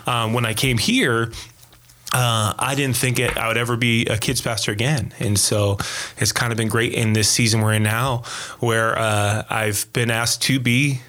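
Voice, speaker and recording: A man's voice: mid-range voice, steady tone, moderate pace, pushed and bright. A man in his thirties, a kids pastor, talking casually and telling stories with quoted asides and frequent restarts. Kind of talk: casual conversation.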